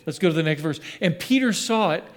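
A middle-aged man, a pastor, preaching a sermon in an animated way, acting out scripture voices. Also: a little high, fast talker. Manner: animated, acts out scripture voices, sings along.

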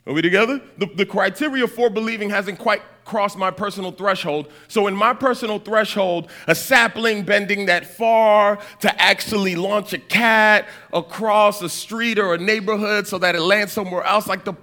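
A man preaching in a storytelling style, animated, checking in with his listeners again and again. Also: sits high, normal speed, hardly any pauses, soft background music. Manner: animated, keeps checking in with "right?". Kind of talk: storytelling sermon.

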